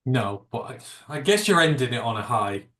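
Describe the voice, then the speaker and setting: A man's voice: mid-range voice, very animated, moderate pace, a bit bright. A man co-hosting a podcast, chatting casually about sport, his voice climbing when he makes a point. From United Kingdom. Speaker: podcast co-host. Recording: echoey room.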